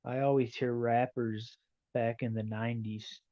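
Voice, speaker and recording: A man chatting casually on a livestream, musing aloud in a slow, wandering way while he looks over a map. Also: medium pitch, little pitch movement, mellow, highs cut off.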